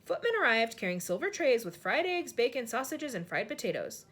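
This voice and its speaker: Lady reading a kids book out loud, super animated, kinda breathy. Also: on the high side, brisk. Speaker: teacher reading aloud. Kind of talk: storybook read-aloud.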